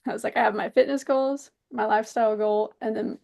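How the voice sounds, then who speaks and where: Chatty woman with gravelly fry. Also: a little high, brisk. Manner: animated storytelling, quotes herself and friends, laughs often. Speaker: podcast co-host. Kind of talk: casual chat.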